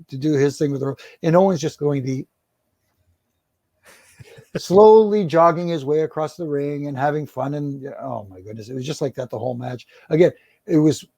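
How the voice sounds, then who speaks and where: A middle-aged former wrestling referee tells rambling stories in an interview, restarting sentences and chuckling as he goes. His voice is a little high, gravelly, and warm, and the recording is dry.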